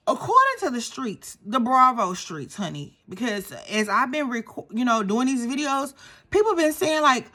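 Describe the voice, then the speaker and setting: A young woman recaps a reality show in a loose, gossipy chat. Her voice is bright and fairly high. She stays animated throughout and slips into voices when she quotes the cast. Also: a little slow. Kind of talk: casual chatty show recap.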